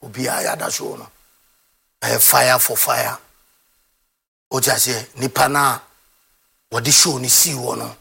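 A man's voice: medium pitch, level tone, measured pace, creaky, pauses often, sharp tone, slightly rough. A man hosting a football talk show, ranting with passion and sometimes half-singing his lines. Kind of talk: impassioned commentary.

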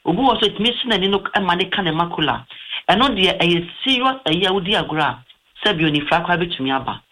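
A man's voice: high-pitched, expressive, quick pace, sharp tone, rough recording. A man with a Ghanaian accent, an eye doctor giving health advice on a talk show, explaining patiently and mixing in English terms.

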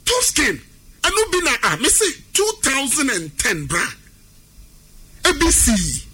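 A man with a Ghanaian accent giving animated sports talk, emphatic and repetitive, drifting into a sing-song delivery. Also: extremely high pitch, unhurried. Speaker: sports pundit. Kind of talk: animated sports talk mixing Twi and English.

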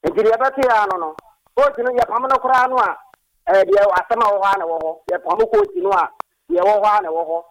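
Animated high gravelly Ghanaian man. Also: quick pace, no echo, rough recording. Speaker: radio caller. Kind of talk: phone-in call.

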